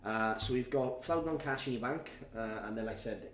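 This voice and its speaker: A man runs a live prize draw in a loose, rambling way, tired and swearing as he goes. His voice sits at an ordinary pitch and bounces around an echoey room. A faint hiss of background noise runs underneath. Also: a little fast. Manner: swears freely, rambling and chatty. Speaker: competition host running a live prize draw. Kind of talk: casual live-stream chat.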